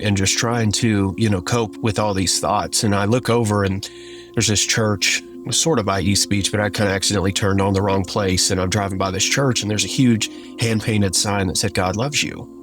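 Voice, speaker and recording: A man with a drawl recounts a personal story, earnest and halting, leaning on "like" as he goes. His voice sits fairly low. Soft music plays faintly behind him. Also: steady tone. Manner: earnest and halting, many "like" fillers. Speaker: guest sharing his testimony.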